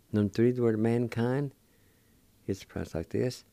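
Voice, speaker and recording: A man's voice: mid-range voice, creaky, mellow, dry recording. A middle-aged man, patiently teaching words on the radio. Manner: patient, deliberate, repeats words slowly. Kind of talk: slow language lesson, spelling and pronouncing words.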